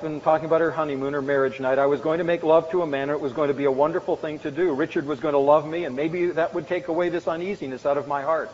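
A man preaches in a fairly high voice, earnest and measured as he reads stories aloud. His voice carries a long reverb from a church hall, and the recording is dull and lo-fi. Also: darkish tone. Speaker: pastor. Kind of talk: sermon.

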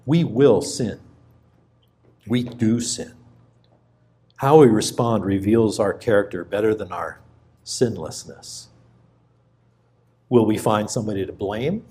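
A middle-aged man preaching, a pastor telling a personal story in a conversational, halting way with frequent restarts. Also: lowish voice, mellow.

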